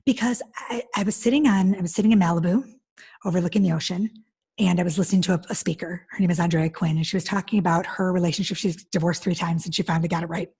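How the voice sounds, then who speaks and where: A woman guest on an interview podcast, telling stories in an animated, expressive way. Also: fairly low pitch, fast, creaky, slightly rough. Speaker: divorce specialist guest. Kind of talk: conversational interview.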